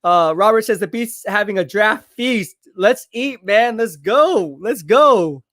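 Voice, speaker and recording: A man's voice: high-pitched, measured pace, fairly bright tone. A man hosting a live watch-party stream, reading viewer comments aloud in a hyped, chatty way while a little out of breath from exercising. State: out of breath from curls.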